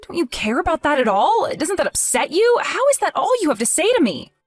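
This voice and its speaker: A woman's voice: high-pitched, big pitch swings, fairly quick, dry recording, soft background music. A woman playing a grieving, indignant young wife in a voiced text-message drama, emotional and accusing. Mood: hurt.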